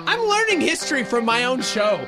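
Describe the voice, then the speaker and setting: A man's voice: very high-pitched, very animated, brisk, over music. A man hosting a morning radio show, joking around and telling rambling anecdotes during a trivia segment. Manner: playful, jokey, rambling anecdotes.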